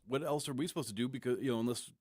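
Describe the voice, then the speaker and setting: A man co-hosting a talk radio show, chiming in with quick, wry remarks. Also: medium pitch, a little mellow, slightly rough, no echo, studio quality. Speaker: radio co-host.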